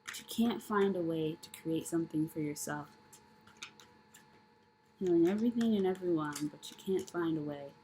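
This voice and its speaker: Woman tarot reader with a mellow, warm tone and faint background noise, talking casually and bluntly, swearing freely and repeating herself for emphasis. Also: medium pitch, rough recording. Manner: blunt, profane tough-love preaching; repetitive, emphatic, rhetorical questions. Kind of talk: casual tarot reading monologue.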